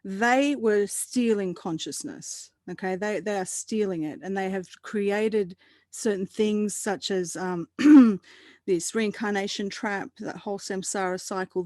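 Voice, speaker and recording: A woman guest in a casual roundtable chat, animated and quick to laugh, often restarting her sentences. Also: mid-range voice, no room sound, studio quality.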